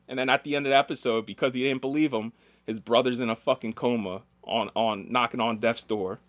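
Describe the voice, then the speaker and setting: A man with a mid-range voice talks briskly as co-host of a casual podcast, telling lively, profanity-heavy stories and imitating the people he quotes. The recording is dry.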